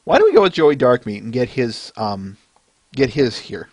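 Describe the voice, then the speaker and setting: A man's voice: medium pitch, sing-song, normal speed, darkish tone, no room sound. A male podcast host rambling casually through a fan-art review, with lots of fillers and chuckles.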